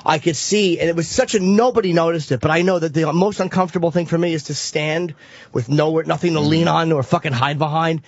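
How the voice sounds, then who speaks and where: A man's voice: a little high, steady tone, fairly quick, husky, no room sound. A man, an actor guest on a radio show, talking in a blunt, laid-back way with plenty of swearing. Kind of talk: casual radio chat. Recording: dry lo-fi radio broadcast.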